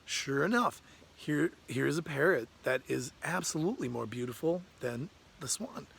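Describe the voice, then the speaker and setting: A man voicing a humble, wide-eyed crow that gets excited and awestruck easily. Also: a little high, moderate pace, vocal fry, husky, full character voice. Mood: awed.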